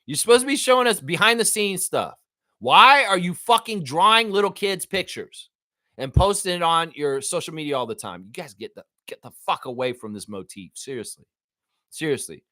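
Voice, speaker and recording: A man's voice: fairly high pitch, very animated, moderate pace, pushed and bright, no echo, clean studio sound. A man hosting a live fan reaction show, ranting in a profane, exasperated way with repeated outbursts. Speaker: sports show host.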